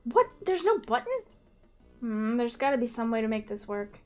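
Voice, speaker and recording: A woman's voice: fairly high pitch, sing-song, moderate pace, a little mellow. A young adult woman playing a game and chatting about it in a playful, casual way. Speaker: gaming streamer. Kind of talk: casual gameplay commentary. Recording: faint game music behind.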